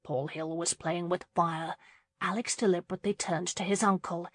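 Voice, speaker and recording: A woman's voice: fairly low pitch, steady tone, moderate pace, no echo. Woman narrating a romance audiobook. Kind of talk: scripted narration.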